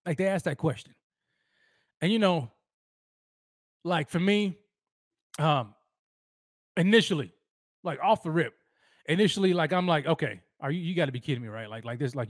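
A young man hosting a live sports talk stream, excitable and slangy, repeating himself and piling on phrases. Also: fairly high pitch, moderate pace, pauses often, no room sound, studio quality. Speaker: sports podcast host.

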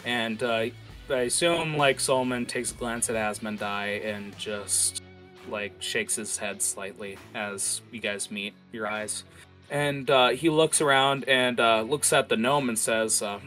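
A man's voice: mid-range voice, a little slow, a bit bright, soft background music. A man narrating a tabletop game as game master, casually and with many fillers.

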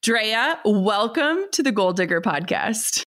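A woman's voice: mid-range voice, very animated, takes it slowly, a bit bright. Enthusiastic woman podcast host. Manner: enthusiastic, eager questions. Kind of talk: casual interview chat.

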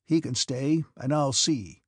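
A man reading the part of a cranky, abrupt old prince with sharp, mocking outbursts. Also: medium pitch, takes it slowly, breathy edge, dry recording, studio quality. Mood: angry. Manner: barking, mocking, piercing outbursts.

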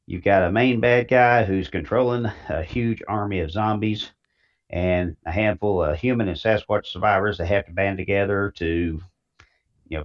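A man's voice: low-pitched, muffled recording. A man with an East Tennessee Southern accent, talking casually as a guest author in an interview, folksy and rambling with many fillers.

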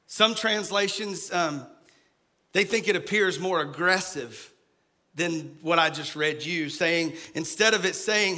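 High, bright-voiced male pastor preaching. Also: a little slow. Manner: preaching, acts out quoted words in a hushed voice. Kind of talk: sermon.

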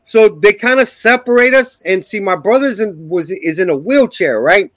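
A man's voice: high-pitched, expressive, moderate pace, fairly bright tone, no room sound, low-quality recording. A man hosting a podcast, telling a bar story in a rambling, profane way full of "like" fillers. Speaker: podcast host. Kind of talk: casual storytelling.

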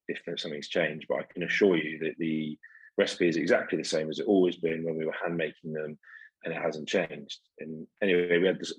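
A man's voice: low-pitched, slightly rough, dry recording, poor audio. A man who owns a sausage business, telling a story in an interview with lots of ums and restarts. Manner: rambling, many ums and restarts.

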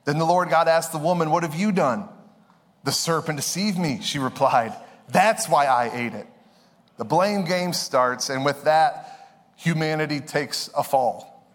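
A young man preaches in a relaxed, conversational way, slipping from scripture into quick personal asides. His voice sits a little high for a man. A long hall reverb trails after every phrase. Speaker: pastor. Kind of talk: sermon.

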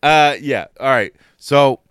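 A man's voice: slow pace, smooth, dry recording, clean studio sound. A man hosting a crude, casual podcast, swearing freely and laughing often. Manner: animated, swearing, laughs often, jumps up high when excited. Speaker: podcast host.

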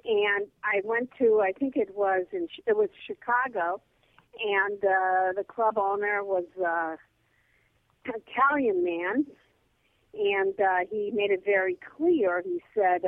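Woman, chatty storyteller, thin phone-line sound, lively pitch. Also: a little slow, no room sound. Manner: lively, animated anecdote with many fillers. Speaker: comedy guest. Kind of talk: casual storytelling on a call-in show. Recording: tinny phone line, dry.

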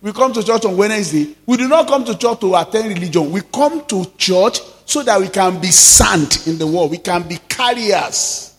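Emphatic pastor preaching in a hall. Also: male voice, high-pitched, lively intonation. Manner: emphatic preaching, calls out to the congregation, drawn-out stressed words. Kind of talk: sermon.

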